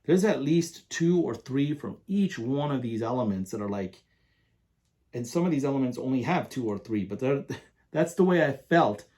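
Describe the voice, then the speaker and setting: A man's voice: medium pitch, animated, moderate pace, a little mellow. Enthusiastic man chatting through a perfume unboxing. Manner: enthusiastic, rambling, reads product blurbs aloud. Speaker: perfume reviewer. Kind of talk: casual unboxing review.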